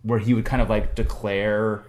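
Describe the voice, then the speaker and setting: A man's voice: fairly low pitch, level tone, normal speed, a little mellow. A man telling a story in casual chat, hesitant and full of fillers. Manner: hesitant, many fillers and likes.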